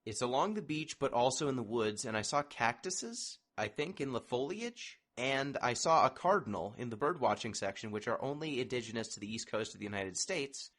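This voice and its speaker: A man's voice: medium pitch, animated, fairly quick, hardly any pauses, a bit bright. A man hosting a casual podcast chat about a video game, wry and discursive as he steers the talk. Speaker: podcast host.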